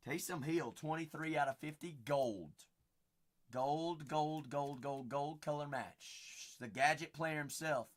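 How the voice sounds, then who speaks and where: A man's voice: on the high side, takes it slowly. A young man with a Southern Kentucky twang, hosting a live card-break stream with folksy, hyped sales banter.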